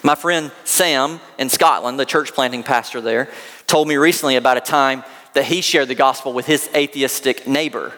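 A man's voice: medium pitch, normal speed, bright, forceful tone, long reverb tail. A man preaching a sermon, telling stories earnestly with casual asides. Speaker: pastor.

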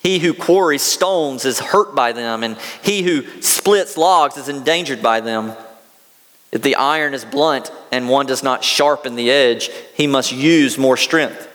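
Southern pastor preaching in a reverberant hall. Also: male voice, mid-range voice, measured pace, a bit bright. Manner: conversational, folksy asides. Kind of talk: sermon.

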